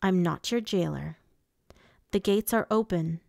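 Growling fae lord, male, low and curt, storybook reading by a woman, slow and unhurried. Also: gravelly, darkish tone, no echo, clean studio sound. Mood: gruff.

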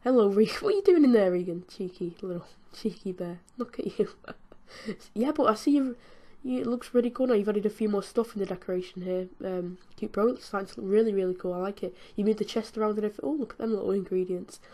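Fast and mellow, with a medium pitch, a British woman narrates her video game session in a chatty, giggly way. As a gaming channel host, she chats casually with the game's characters while she plays.

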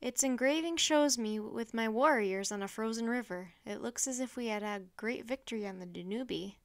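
A woman voicing a wise, calm Roman emperor, speaking in a slow, measured, stately way. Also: fairly high pitch, lightly acted. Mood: grave.

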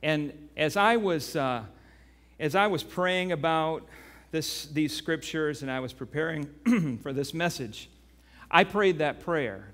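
A man preaching a sermon as pastor. He tells a story with animation and then turns quiet and earnest. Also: on the high side, lively intonation, slow pace. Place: church sanctuary. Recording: long reverb of a church hall.

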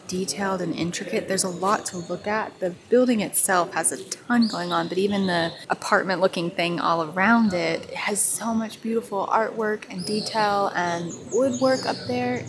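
A woman's voice: mid-range voice, moderate pace, a crowd in the background. An American woman, a young adult, talking through a travel vlog in a chatty, candid storytelling way. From United States. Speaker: travel vlogger. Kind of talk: casual vlog narration.

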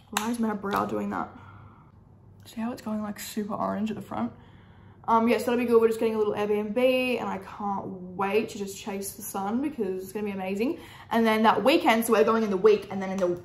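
Hoarse, gravelly young Australian woman vlogging. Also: mid-range voice, reverberant. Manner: chatty, upbeat, lots of fillers. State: hoarse, croaky voice. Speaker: beauty vlogger. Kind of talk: casual chat while doing makeup.

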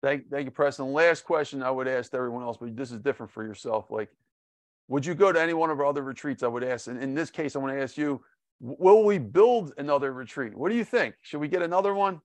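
A man's voice: mid-range voice, quick pace, dry recording. Chatty male podcast host. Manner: chatty, upbeat, lots of fillers and restarts. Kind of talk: casual interview.

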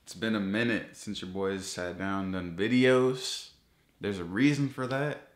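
Profane ranting man, low voice, roomy echo. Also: measured pace. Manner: profane, animated ranting, voice jumping high when exasperated. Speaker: YouTuber. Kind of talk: casual ranting vlog.

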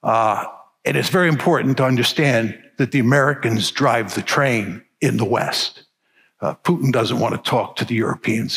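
A man's voice: mid-range voice, gravelly, fairly bright tone, slightly rough. An older man giving a public lecture, arguing his case emphatically and stressing key words. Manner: emphatic, argumentative.

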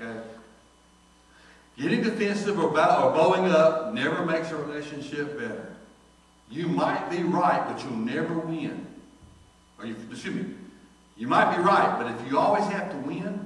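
A man, a pastor preaching a sermon and telling folksy stories, quoting the people in them with lively voices. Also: mid-range voice. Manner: folksy storytelling, animated quoting of others. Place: church sanctuary. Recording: distant echoey church recording.

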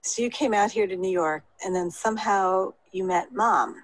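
A woman with a husky voice patiently interviewing her elderly father for a family recording. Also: medium pitch, moderate pace, dry recording, rough recording. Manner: gentle, patient prompting.

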